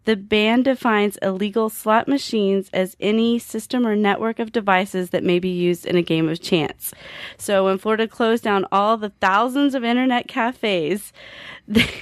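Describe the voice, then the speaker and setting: A woman's voice: mid-range voice, moderate pace, dry recording, studio quality. A woman co-hosting a podcast, reading out odd facts in casual chat and laughing now and then. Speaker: podcast co-host.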